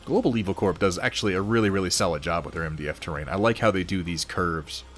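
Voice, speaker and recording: Low-voiced man, chatty and slightly hoarse. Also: fast, faint music behind. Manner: chatty, mild swearing, laughs often. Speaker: host of a miniature painting stream. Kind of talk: casual livestream chat, reading viewer posts.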